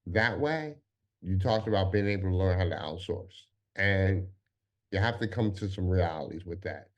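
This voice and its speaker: Halting, low-voiced man. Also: muffled recording. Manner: halting, restarts sentences. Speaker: podcast co-host. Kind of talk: casual conversation.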